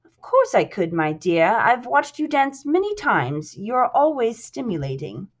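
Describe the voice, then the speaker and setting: A woman voicing an authoritative male businessman with a measured, persuasive delivery. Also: on the high side, sing-song, pitched above the performer's own voice.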